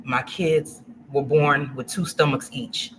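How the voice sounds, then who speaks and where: A middle-aged woman from Louisiana, a business-owner guest telling her story in a casual interview, animated, acting out quotes and laughing often. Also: very deep voice, slow. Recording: noisy livestream audio.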